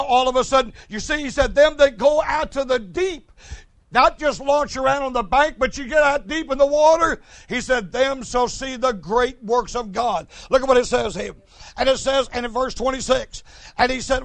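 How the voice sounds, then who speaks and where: A man preaching a fiery sermon, asking "is that right" over and over and breaking into shouts. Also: very high voice, moderate pace, no echo. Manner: rhythmic, repeats "Is that right?", bursts into shouts.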